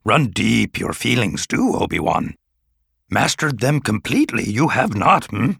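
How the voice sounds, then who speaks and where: A man voicing an ancient, small alien sage who is stern yet dryly gentle, speaking in inverted word order with thoughtful hums. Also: medium pitch, big pitch swings, unhurried, vocal fry, breathy edge, no echo, clean studio sound, exaggerated voice. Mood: probing.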